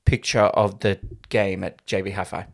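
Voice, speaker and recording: A man's voice: sits low, little pitch movement, moderate pace, gravelly. A man co-hosting a film review podcast, making wry, sarcastic asides. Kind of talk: casual chat.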